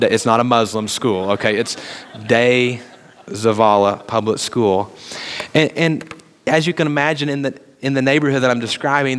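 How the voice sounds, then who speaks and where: A man's voice: fairly low pitch, fairly bright tone. A man, a minister preaching a sermon and telling stories from his neighborhood life. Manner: storytelling, quotes others in conversation.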